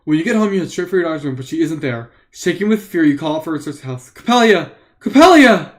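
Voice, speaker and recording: A man's voice: on the high side, expressive, very fast, darkish tone. A man reading an interactive book aloud live for friends, playful with joking asides.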